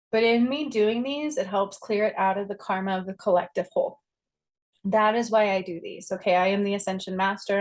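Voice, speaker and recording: A woman's voice: mid-range voice, low-quality recording. Earnest woman psychic, keeps saying okay. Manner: emphatic, repeats key phrases. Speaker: self-described psychic medium. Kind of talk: earnest spoken monologue to camera.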